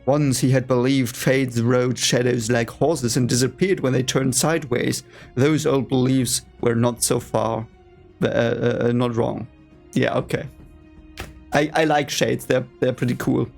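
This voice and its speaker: A man with a gravelly, creaky voice chats his way through a fantasy novel he is reading for the first time. His reactions are playful and joking, and faint music plays quietly underneath. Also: medium pitch, fairly even intonation, unhurried. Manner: chatty, laughing asides and playful commentary.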